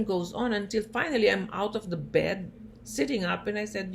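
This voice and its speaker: A woman's voice: mid-range voice, lively intonation, fairly quick, creaky. A woman, telling her own cancer story in an emphatic, indignant way. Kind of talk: personal storytelling talk. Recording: noisy recording.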